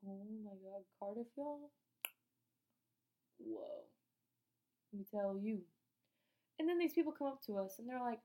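A woman's voice: on the high side, expressive, measured pace, pauses often, dark tone. A young woman from North Carolina, telling a rambling, swear-filled storytime vlog. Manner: chatty and rambling, swears freely, acts out quotes. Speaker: vlogger.

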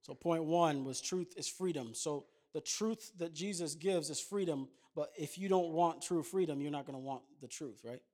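A man's voice: fairly high pitch, moderate pace, few pauses, a little mellow. A man in his thirties preaching a sermon, chatting with the congregation in asides and then building to emphatic points. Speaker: pastor.

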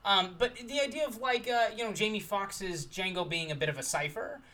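A man's voice: sits high, a little fast, bright, forceful tone. A man guesting on a podcast, talking enthusiastically about films in a casual, articulate way. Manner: enthusiastic, articulate, frequent ums. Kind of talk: casual film discussion.

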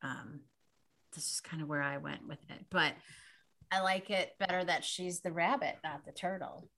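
A woman's voice: lowish voice, normal speed, a bit bright. Chatty woman musing about a film. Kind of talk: casual movie discussion.

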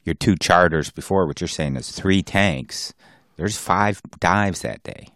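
A man co-hosting a podcast, trading jokes and quick quips in casual banter. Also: sits low, fairly bright tone, dry recording, studio quality. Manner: joking banter, quick one-word quips. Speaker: podcast co-host. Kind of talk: casual chat.

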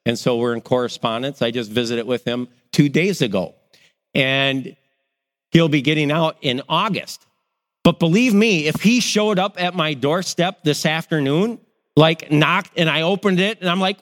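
A middle-aged pastor preaching with a fairly high voice. He is animated and acts out people's reactions as he goes. His voice rings with a long hall reverb. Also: normal speed. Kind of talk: sermon.

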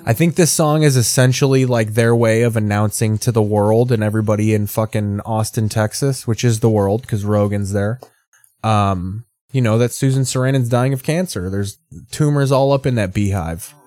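A man's voice: on the low side, moderate pace, a little mellow. A man giving profane, sarcastic reaction commentary on a TV drama.

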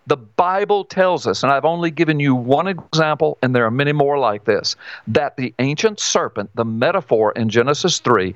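A man's voice: mid-range voice, moderate pace, no room sound, lo-fi sound. A man teaching scripture as a radio guest, emphatic, asking and answering his own questions. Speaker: guest author. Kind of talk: Bible teaching on talk radio.

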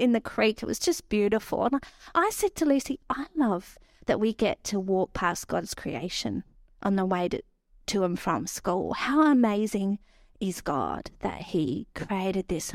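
A woman, preaching a sermon and telling stories with animated quoted voices. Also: medium pitch, a little slow, no room sound, studio quality.

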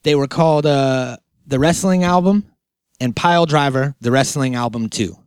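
A man hosting a casual comedic chat, talking in a rambling, deadpan, joking way with lots of fillers. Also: medium pitch, moderate pace, smooth, dry recording, clean studio sound. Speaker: podcast host.

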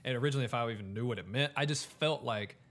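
Talking very fast in a mid-range, fairly bright voice, this man discusses a Bible passage on a podcast he co-hosts. The chat is casual, and he works through his thoughts aloud, leaning heavily on "like."

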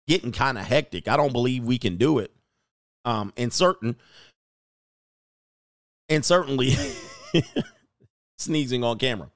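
A man's voice: mid-range voice, dry recording, clean studio sound. A man commentating on videos in a mocking, casual way, chuckling as he goes. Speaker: YouTube commentator.

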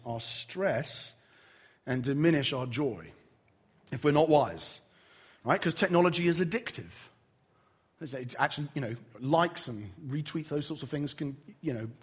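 Husky guy preaching to a church, super animated, pokes fun at himself, voice jumps all over. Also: fairly high pitch. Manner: animated, humorous, self-deprecating storytelling. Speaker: pastor. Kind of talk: sermon.

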